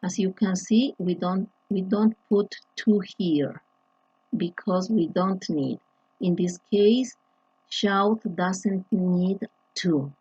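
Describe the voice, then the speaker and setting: Female English teacher, slow deliberate delivery, husky tone, dull dry lo-fi recording. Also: medium pitch, warm tone, no room sound. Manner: slow, deliberate, with frequent restarts and fillers. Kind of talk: grammar lesson explanation.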